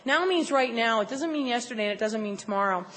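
A woman shares her recovery story with a candid, emphatic, self-mocking delivery and a voice that sits fairly high. The recording has a long, ringing hall reverb, as if she is speaking in a large meeting room. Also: lively intonation, fast talker, a bit bright. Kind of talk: personal recovery talk.

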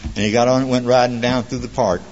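A man's voice: medium pitch, fairly even intonation, quick pace, a little mellow. An older man, a folksy, joking storyteller speaking at a recovery meeting. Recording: dull echoey hall recording.

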